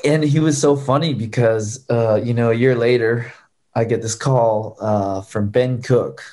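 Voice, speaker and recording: Guy in his 30s telling stunt stories, mid-pitched voice, animated, does people's lines. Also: a little slow. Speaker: stunt performer and guest. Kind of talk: casual storytelling chat.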